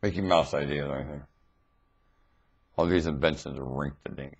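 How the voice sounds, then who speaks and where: A man talking straight into his webcam mic in a monologue rant, swinging between loud emphatic outbursts and low muttering. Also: moderate pace, creaky, slightly rough.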